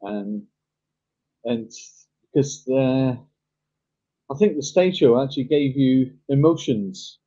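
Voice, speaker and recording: A man chats on a podcast, stumbling and restarting his sentences. His voice is dark and mellow, recorded with a dull, lo-fi sound. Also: mid-range voice, lively intonation, slow, pauses often. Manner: hesitant, repeats words and says um often. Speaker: podcast co-host. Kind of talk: casual chat.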